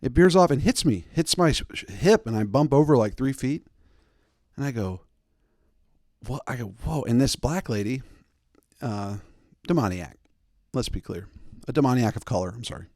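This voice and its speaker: A man's voice: medium pitch, lively intonation, moderate pace, darkish tone, dry recording, studio quality. A man in his thirties hosting a show, telling a long comic story with many rambling asides. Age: 30s. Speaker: host. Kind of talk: comic monologue.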